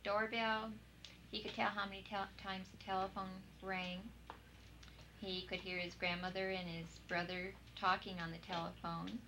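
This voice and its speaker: Chatty mother in casual talk, mid pitch, clear hiss behind her. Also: level tone, normal speed. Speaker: parent of an implanted child. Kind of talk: casual conversation. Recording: noisy old video recording.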